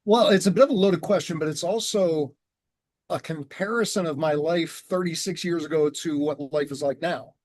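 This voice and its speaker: A man telling his story in an earnest, measured way and slowing down on key words, as a guest on a conversational show. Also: a little high, darkish tone, dry recording. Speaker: guest, transformation coach.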